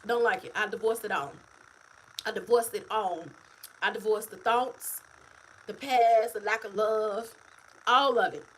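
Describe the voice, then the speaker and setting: A woman author talking casually to her livestream viewers, animated and repetitive, calling them y'all. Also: mid-range voice, measured pace, long pauses, noisy background. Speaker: author and vlogger. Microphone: phone or webcam, livestream.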